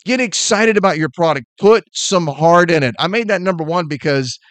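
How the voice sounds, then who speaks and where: Brash, fast-talking man with a higher voice. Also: lively intonation, fairly bright tone, no room sound. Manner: fast, emphatic and blunt. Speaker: sales podcast host. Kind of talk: energetic motivational talk.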